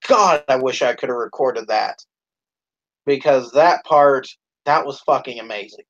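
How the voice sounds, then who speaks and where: A man co-hosting a live stream, telling a profane, animated story in casual chat. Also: mid-range voice, a little slow, dull audio.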